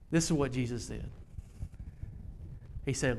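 Slow earnest male preacher. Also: slight background noise. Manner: slow, earnest preaching that swells loud and high at peaks. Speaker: pastor. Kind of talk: sermon.

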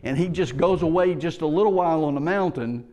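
A man's voice: a little fast, mellow, dull audio. Man preaching a sermon. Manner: storytelling, reads scripture aloud, rises in pitch and force when pleading.

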